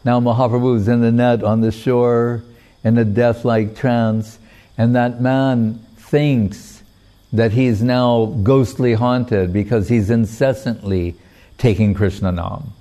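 Slow, mellow man telling a devotional story. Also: mid-range voice, fairly even intonation. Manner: unhurried, measured retelling with pauses. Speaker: spiritual teacher.

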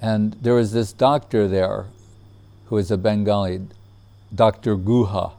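A man telling a personal memory in casual storytelling, relaxed, laughing often and acting out what others said. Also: on the low side, a little slow.

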